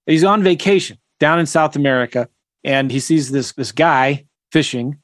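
A man's voice: on the high side, moderate pace. A man teaching real estate to viewers on a live stream, wandering off track and laughing at his own slips. He reads a story aloud from his screen. His voice sits in a dry, close sound with no room echo. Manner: rambling, self-deprecating, chuckling asides.

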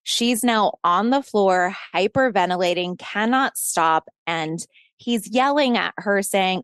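A woman in her thirties telling a personal story in a casual interview, animated and profane, laughing often and acting out shouted quotes. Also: medium pitch, measured pace, dry recording, studio quality.

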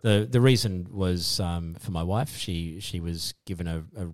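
An Australian man, a podcast guest, telling his story in a modest, halting way with many restarts. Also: low-pitched, no echo, studio quality. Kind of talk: casual interview chat.

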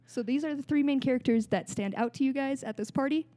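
A woman's voice: high-pitched, quick pace, dark tone, no echo. A young adult woman narrating as game master of a tabletop game, playful with asides. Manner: playful, describing scenes with asides.

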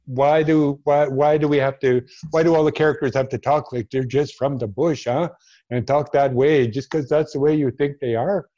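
A man's voice: medium pitch, steady tone, normal speed, warm tone, no echo, muffled recording. A middle-aged man, an actor guest in a casual chat, speaking earnestly and bluntly.

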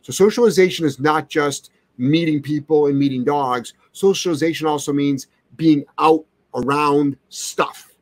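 A man's voice: a little high, moderate pace, no room sound. A man who trains dogs, hosting a live question-and-answer stream, talking in a blunt, brash and sarcastic way. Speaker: dog trainer, show host.

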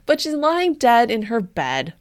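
A woman co-hosting a podcast, retelling creepy folklore in a wry, deadpan way with casual swearing. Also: fairly high pitch, a little slow. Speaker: podcast co-host.

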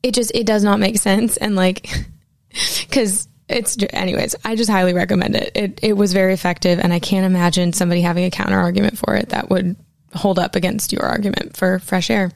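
Chatty woman telling stories, lots of "like", super fry-y voice, dry close sound. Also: mid-range voice, fairly quick, dry recording. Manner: chatty, lots of fillers, animated retelling. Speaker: singer-songwriter. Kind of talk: casual storytelling.

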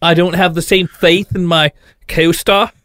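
A man's voice: high-pitched, level tone, a little slow, fairly bright tone, no room sound, clean studio sound. A man playing an Australian actor who complains about his co-star and keeps laughing. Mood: complaining. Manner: fussy, tattling, laughs often. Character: Australian male actor faking American.

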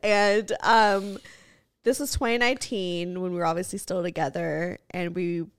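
A woman's voice: lowish voice, steady tone, clear, resonant tone. Giggly woman co-hosting a casual podcast. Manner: giggly, chatty, quick to laugh. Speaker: podcast co-host. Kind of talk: casual chat.

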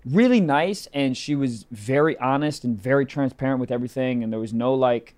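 A man's voice: mid-range voice, brisk, darkish tone. A young man co-hosting a comedy podcast, rambling through a story with lots of fillers. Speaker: podcast co-host. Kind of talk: casual comedy chat.

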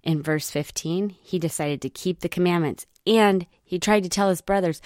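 A woman retelling scripture stories for children in an animated way, often asking her listeners questions. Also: lowish voice, moderate pace, dry recording, clean studio sound. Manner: lively, asks listeners questions.

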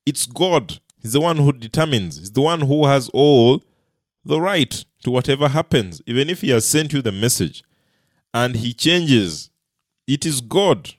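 A man preaching a sermon in an earnest way, swinging between loud emphasis and quiet asides, with a few repeated words and restarts. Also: medium pitch, expressive, measured pace, no echo, studio quality. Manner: earnest, rises and falls in loudness for emphasis.

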